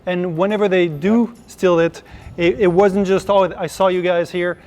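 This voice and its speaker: High-voiced man hosting a casual chat. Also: fairly even intonation, normal speed, a little mellow. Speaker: host.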